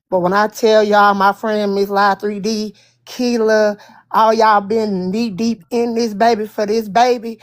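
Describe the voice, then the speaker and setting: A woman on a live stream speaking bluntly and sassily in slangy casual commentary. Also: mid-range voice.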